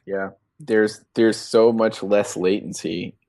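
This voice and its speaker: A man co-hosting a casual tech podcast, speaking in a laid-back, halting way. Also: lowish voice, steady tone, darkish tone, no room sound, studio quality. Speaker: podcast co-host.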